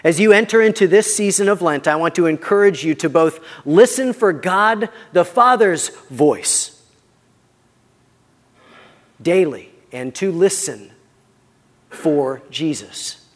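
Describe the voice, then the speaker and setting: A man with a fairly high voice preaches a sermon in a church. He talks earnestly and conversationally, often dropping soft to stress a point. His words ring out with a long hall reverb. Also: lively intonation, slow, long pauses. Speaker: pastor.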